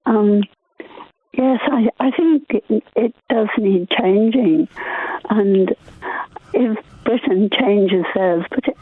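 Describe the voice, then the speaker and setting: A woman's voice: mid-range voice, husky, no room sound. An older Manx woman, a former nurse, calling into a radio phone-in with a frog in her throat and a chatty manner. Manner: slow, chatty, laughs at her own stories. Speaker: caller. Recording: tinny phone line.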